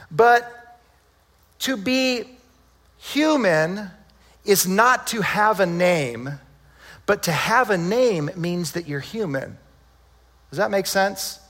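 A male pastor preaching in a lively, conversational way, full of rhetorical questions. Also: sits high, big-room sound. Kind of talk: sermon.

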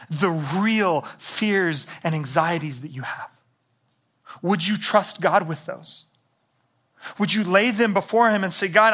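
A young man delivers a sermon in a bright, forceful voice pitched a little high. He swings from emphatic, raised passages to hushed, almost whispered lines. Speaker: pastor.

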